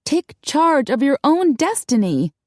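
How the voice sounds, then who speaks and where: A woman's voice: high voice, big pitch swings, measured pace, no echo, clean studio sound, pitched above the performer's own voice. A woman voicing a determined young heroine with an earnest, emphatic delivery. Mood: insistent.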